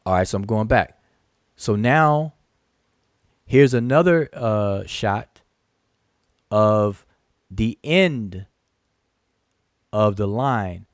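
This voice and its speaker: A man's voice: lowish voice, lively intonation, very slow, long pauses, dry recording, clean studio sound. A man walking viewers through tomb photos on screen, talking emphatically, counting aloud and often repeating himself. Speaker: channel host teaching hieroglyphs. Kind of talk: screen-share lesson with rebuttal.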